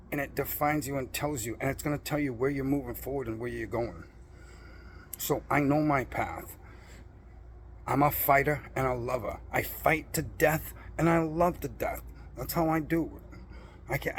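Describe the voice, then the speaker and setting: A man's voice: on the high side, a little hiss or hum. A middle-aged man in a blunt, profane personal rant, defiant and boastful about his principles. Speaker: vlogger.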